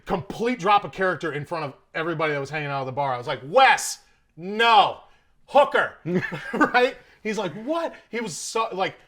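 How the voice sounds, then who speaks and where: A man telling a story in a casual podcast chat, animated and heavy on profanity. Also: a little high, rapid-fire, few pauses. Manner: profane, animated storyteller who puts on a Russian accent in quotes. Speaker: guest comedian. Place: podcast studio in Austin, Texas.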